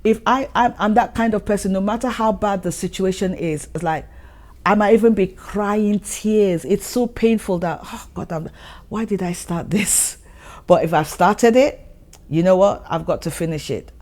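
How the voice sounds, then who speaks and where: A woman's voice: mid-range voice, moderate pace, darkish tone. A woman hosting her own channel, giving an earnest motivational talk and repeating her points for emphasis. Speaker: channel host.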